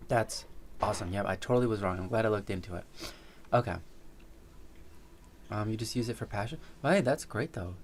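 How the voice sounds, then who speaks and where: A man co-hosting a livestream in casual chat, soft-spoken and rambling. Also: on the low side, a little fast, long pauses, slight background noise. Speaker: co-host streamer.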